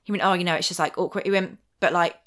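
Bright-voiced woman telling a lively story. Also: on the low side, rapid-fire. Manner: animated storyteller, acts out quotes, laughs often. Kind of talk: casual chat.

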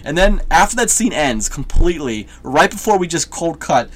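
A man's voice: fairly high pitch, sing-song, moderate pace, fairly bright tone. A man co-hosting a casual movie review chat, rambling, laughing easily and trailing off mid-sentence. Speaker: podcast co-host reviewing a movie.

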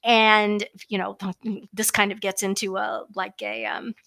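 A woman's voice: medium pitch, little pitch movement, measured pace, creaky, pushed and bright. A woman giving a blunt, emphatic opinionated monologue as a religious commentator, with frequent fillers and restarts.

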